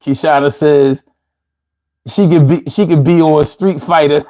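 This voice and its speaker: A man hosting a live stream in casual chat, reading out viewer comments in a slangy, animated way. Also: on the high side, a little slow. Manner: slangy, animated, laughs between lines. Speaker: livestream host.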